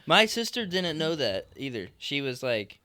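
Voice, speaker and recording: A young man co-hosting a casual podcast chat, laughing often and trailing off quietly. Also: on the high side, big pitch swings, normal speed. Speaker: podcast co-host.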